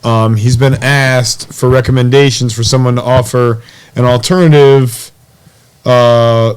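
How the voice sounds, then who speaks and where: A man's voice: medium pitch, fairly even intonation, measured pace, smooth. A man co-hosting a podcast, reading out a listener's question in casual chat. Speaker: podcast co-host.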